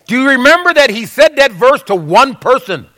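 High-voiced man preaching a sermon. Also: sing-song, moderate pace, bright, forceful tone. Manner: conversational, asks the audience questions, reads scripture aloud.

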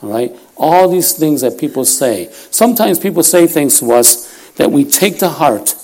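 A man's voice: fairly high pitch, sing-song, moderate pace, darkish tone. A man in his fifties of Puerto Rican heritage, preaching a sermon in a church, folksy and self-deprecating, often laughing as he tells stories. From Puerto Rico heritage. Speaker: lay preacher. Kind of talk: sermon with storytelling.

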